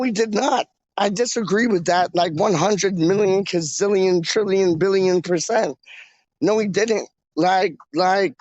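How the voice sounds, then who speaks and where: A man hosting a casual livestream chat, excitable and slangy, repeating catchphrases. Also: high voice, no echo, muffled recording. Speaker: livestream host.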